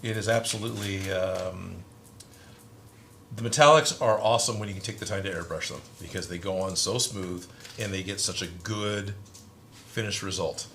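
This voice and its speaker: A man's voice: sits low, normal speed, vocal fry, a bit bright, a little hiss or hum. A man hosting a casual maker livestream from his workshop, chatting and reading out viewer comments.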